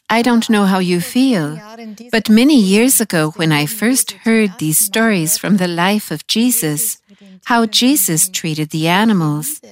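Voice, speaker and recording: A woman presenting a scripted spiritual talk, earnest and heartfelt. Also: mid-range voice.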